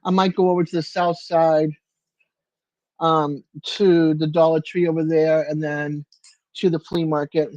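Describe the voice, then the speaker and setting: A man's voice: a little high, flat delivery, a little slow, a little mellow, no echo, muffled recording. An older man hosting a casual livestream from his apartment, answering viewers by name in a chatty way. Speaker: livestream host.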